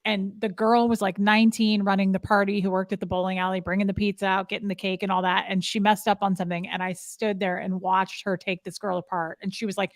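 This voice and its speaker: A woman's voice: mid-range voice, fairly even intonation, fast, no room sound. Candid woman co-host, dry close sound. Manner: candid, storytelling, mimics clipped commands. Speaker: podcast co-host. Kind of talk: casual chat.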